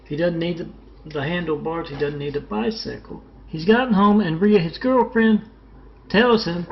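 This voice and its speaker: A man's voice: sits high, normal speed. A man telling absurd comic stories in a rambling way, full of fillers and asides. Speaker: storyteller. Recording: muffled with faint hiss.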